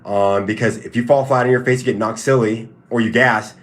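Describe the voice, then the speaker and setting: A man talking casually on a livestream, reacting to chat as it comes in. His pitch sits in an ordinary middle range, and he restarts his sentences and hammers the same points again and again. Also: steady tone, a little fast. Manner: repetitive, stop-start, emphatic. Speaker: livestream host and fighter.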